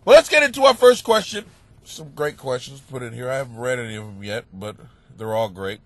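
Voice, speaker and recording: A man hosting a comedy advice podcast, stuffed up and sniffling, rambling crudely and mocking himself with sudden loud outbursts, recorded in a home basement. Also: medium pitch, lively intonation, brisk, no room sound. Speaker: podcast host giving advice.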